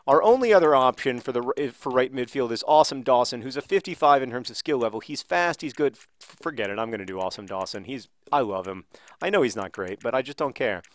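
A man casually commenting while playing a video game, rambling and restarting sentences, with sudden excited outbursts. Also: mid-range voice, quick pace, dry recording. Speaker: video host.

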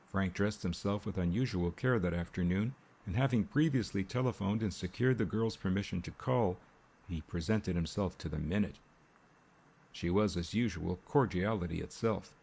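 A man narrating an audiobook in a measured, steady way. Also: sits low, creaky, husky. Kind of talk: scripted narration.

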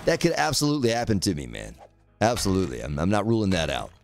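A man's voice: low-pitched, wildly swooping pitch, fast, vocal fry, faint music behind. A man streaming a game, joking around and teasing his chat viewers by name as he plays. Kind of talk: casual gameplay livestream commentary.

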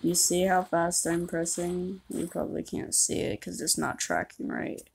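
With a lowish, somewhat dark and creaky voice, a woman gamer talks steadily at a moderate pace while narrating her play. She is chatty and rambling and mocks herself along the way; there's a little hiss or hum in the audio.

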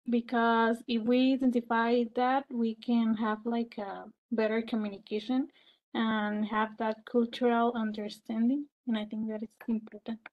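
A woman student answers her teacher in an online class, measured and even in tone. Her slightly high voice stays flat, and the call audio sounds dull and lo-fi.

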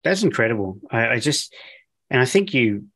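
A man's voice: medium pitch, very animated, normal speed, fairly bright tone. A man co-hosting a podcast, interviewing his co-host in an enthusiastic, chatty way. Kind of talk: casual podcast chat.

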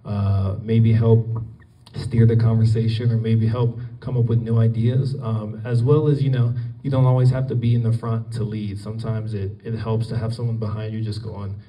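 This casual public talk comes from a Colorado guest speaker who rambles, filling it with fillers and restarts before an audience in an event hall. His voice is on the low side with little pitch movement at normal speed, and the distant, roomy audio sounds dull.

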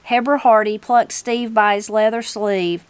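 Woman from Southern Appalachia reading a story aloud, unhurried and gentle, dry close sound. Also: fairly high pitch, steady tone, smooth, no room sound. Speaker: reader of a book.

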